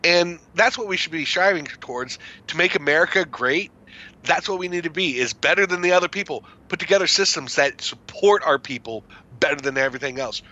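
A man's voice: fairly high pitch, animated, fairly quick, pushed and bright, dull audio. A man co-hosting a podcast, chatting casually about politics, rambling and repeating words. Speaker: podcast co-host.

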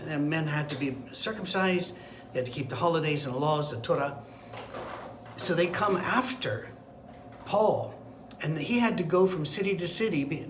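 A man's voice: a little high, background noise. Man teaching Bible study in echoey room. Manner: conversational, digressive, with fillers and restarts. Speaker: pastor leading Bible study. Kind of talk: informal teaching sermon. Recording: roomy echo, faint ambience.

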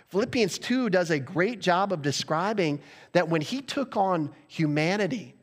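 A male pastor delivering a sermon in a conversational style, asking the congregation rhetorical questions. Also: high-pitched.

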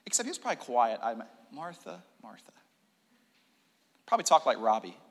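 A man preaching a sermon in a church room, animated, with joking asides and hushed prayer. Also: mid-range voice, racing, a little hiss or hum. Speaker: pastor. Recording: long reverb of a hall.

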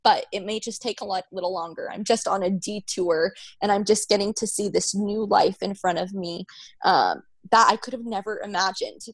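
A woman's voice: medium pitch, breathy edge, no echo, low-quality recording. Earnest, emotional young woman, dry sound. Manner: earnest, emotional, many fillers. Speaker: guest, mother of a child with Down syndrome. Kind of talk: heartfelt conversational interview.

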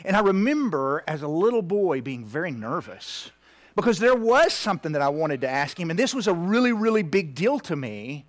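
Heartfelt preacher man in his fifties. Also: high-pitched. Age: 50s. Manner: heartfelt, drops to a hushed near-whisper at tender moments. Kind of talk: personal story in a sermon.

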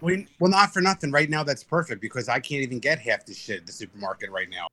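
A man tells stories in casual chat, animated and quick to swear. His voice is bright and forceful, with a middle pitch. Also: dry recording. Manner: animated storyteller, swears freely.

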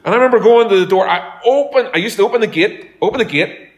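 A man's voice: high voice, animated, fast talker. A man preaching a sermon as pastor, talking in a conversational way and telling homely stories. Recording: echoey room.

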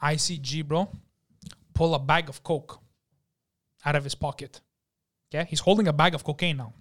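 A young man telling profane, animated stories in casual talk and acting out the people in them. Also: fairly high pitch, normal speed. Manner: animated, profane, acts out quotes. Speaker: podcast guest. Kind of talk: casual storytelling. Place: studio.

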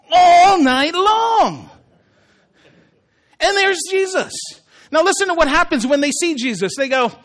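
A male pastor preaching a sermon with animated, humorous storytelling. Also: very high-pitched.

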